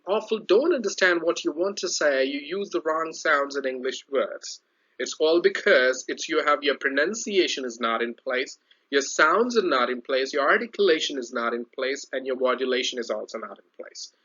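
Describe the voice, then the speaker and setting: A man giving a slide-based lesson on speech clarity, explaining in a repetitive, lively way. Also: on the high side, normal speed, breathy edge. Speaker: English speech trainer. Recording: dull lo-fi audio.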